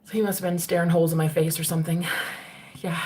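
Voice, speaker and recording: A spiritual streamer with a fairly low, darkish-toned voice chats casually with her viewers. The young woman laughs often and swears without restraint as she talks.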